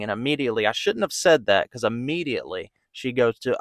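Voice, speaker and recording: A man's voice: medium pitch, sing-song, fast, few pauses, no echo, studio quality. A man who runs a pressure washing business telling a story in a candid, casual way, acting out the back-and-forth in his own voice. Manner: candid, conversational, acts out quoted dialogue.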